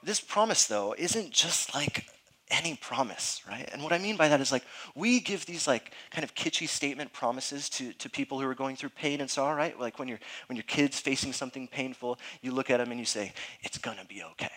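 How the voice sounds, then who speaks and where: A male pastor preaches in a relaxed, conversational way, with a bright, forward edge to his mid-pitched voice. He presses his points earnestly and keeps checking in with the congregation, and his talk is loose and informal. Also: brisk. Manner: earnest, emphatic, often checks in with listeners; informal, frequent fillers and restarts. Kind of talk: conversational sermon.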